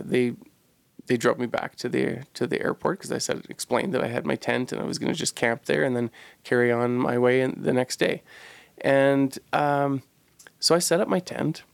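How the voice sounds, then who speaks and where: Gravelly-voiced man telling a reflective story. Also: medium pitch, no room sound. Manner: earnest, reflective, searching for words. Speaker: podcast co-host telling a personal story. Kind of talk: casual storytelling.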